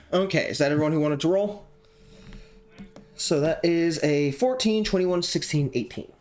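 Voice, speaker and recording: A man narrating a tabletop game as game master, halting with frequent ums and throat clearing. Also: fairly high pitch.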